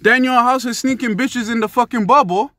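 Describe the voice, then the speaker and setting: A young man rants about sports in a heated, swearing vlog voice. His voice sits high and sounds bright and forceful. The recording is dry and close. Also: a little fast, no room sound. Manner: profane, heated and emphatic. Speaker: sports commentary vlogger. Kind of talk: ranting sports commentary.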